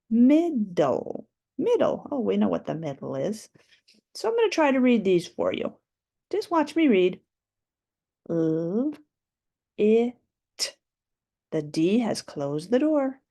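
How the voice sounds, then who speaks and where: A woman's voice: on the low side, dark tone. A woman teaching a phonics lesson to young children, patiently stretching out letter sounds and syllables.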